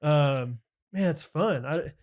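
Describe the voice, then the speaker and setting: A man's voice: on the high side, slow, darkish tone. A man co-hosting a podcast in casual chat, rambling with lots of fillers and restarts, joking and laughing easily. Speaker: podcast co-host.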